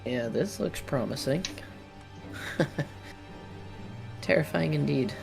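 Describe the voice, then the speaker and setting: A laid-back male player in a tabletop game drawls his replies slowly. His voice is extremely gravelly and full of fry. Clear music plays behind him. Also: fairly high pitch, lively intonation.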